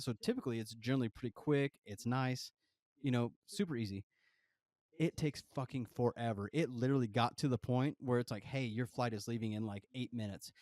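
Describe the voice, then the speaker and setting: A man's voice: mid-range voice, darkish tone, no room sound. A man co-hosting a podcast, telling a rambling, profane travel story full of fillers. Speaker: podcast co-host. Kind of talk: casual storytelling.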